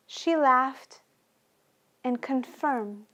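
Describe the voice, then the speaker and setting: A woman's voice: high voice, animated, takes it slowly, lo-fi sound. A woman from Iran, performing a first-person monologue in the voice of her younger self, plaintive and repetitive. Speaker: storyteller.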